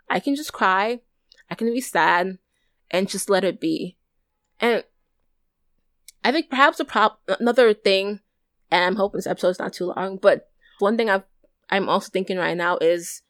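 A woman's voice: medium pitch, dry recording. A young adult woman hosting a solo podcast, talking candidly and earnestly, often repeating and restarting her phrases as she thinks aloud. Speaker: podcast host. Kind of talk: solo reflective podcast monologue.

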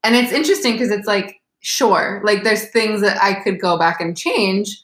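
A woman's voice: mid-range voice, normal speed. A woman dietitian co-hosting a podcast, gushing and talking in a casual way with many "like" fillers. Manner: gushing, heavy use of "like" fillers. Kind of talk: casual chat. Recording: echoey room.

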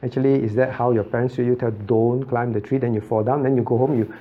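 A man's voice: mid-range voice, fairly even intonation, quick pace. A male pastor teaching a Bible study. He asks his listeners many rhetorical questions and repeats phrases for emphasis. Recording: slightly dull lo-fi recording.

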